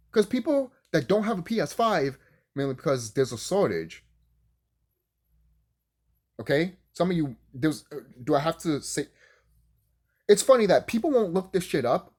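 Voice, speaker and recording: A man's voice: on the high side, very animated, normal speed, pauses often. A man ranting casually about video games, heated and sarcastic, swearing often and repeating himself. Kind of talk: casual rant to camera.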